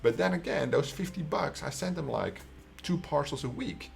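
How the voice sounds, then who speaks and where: A man's voice: fairly high pitch, animated, moderate pace, gravelly. A Dutch man in his twenties with a Dutch accent, telling a personal story in a casual, profane way and often tagging his sentences with "right?". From Netherlands. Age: 20s. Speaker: online coach.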